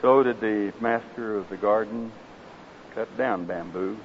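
Folksy Oklahoma-accented preacher. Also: male voice, fairly low pitch. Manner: folksy, conversational and direct with listeners. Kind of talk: sermon with a parable read aloud. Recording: slightly dull with faint hiss.

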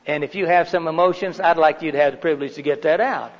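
A man's voice: a little high, fast. Folksy middle-aged man lecturing in a hall. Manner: folksy, chatty, asks the audience questions. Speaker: workshop lecturer. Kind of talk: live talk to an audience. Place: meeting room with windows and a heater. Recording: dull reverberant room recording.

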